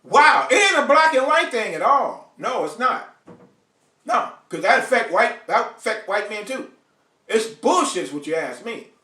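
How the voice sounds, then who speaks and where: A man's voice: high voice, big pitch swings, normal speed, pushed and bright, roomy sound, recorded from a distance. A man hosting a live online show, ranting bluntly and profanely to his viewers and calling out to them by name. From United States. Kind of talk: ranting live stream monologue.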